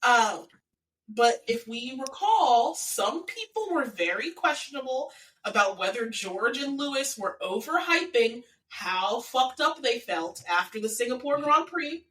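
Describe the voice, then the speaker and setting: A woman co-hosting a podcast in casual chat, telling stories with emphatic, animated delivery. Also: fairly high pitch, a little slow, far from the mic, rough recording. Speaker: podcast co-host.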